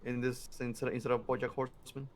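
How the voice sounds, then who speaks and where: A man's voice: mid-range voice, little pitch movement, fast. A man player making playful wisecracks during a tabletop game. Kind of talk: casual chat at a tabletop game.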